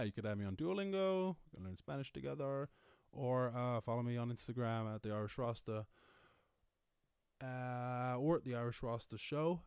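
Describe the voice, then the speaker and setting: A man's voice: medium pitch, smooth, no room sound, clean studio sound. A man hosting his own live stream from home, freestyling loose, profane, rambling rhymes and then signing off in a casual, self-mocking way. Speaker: podcast host. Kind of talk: freestyle rap over a beat, then casual sign-off. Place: home during lockdown. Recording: loud music bed behind the voice. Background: loud instrumental beat.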